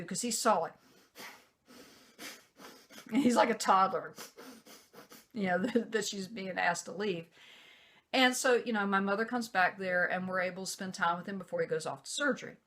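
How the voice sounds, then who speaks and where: A woman vlogger telling a personal story in a casual way, acting out what other people said. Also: mid-range voice. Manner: animated, acts out quoted voices.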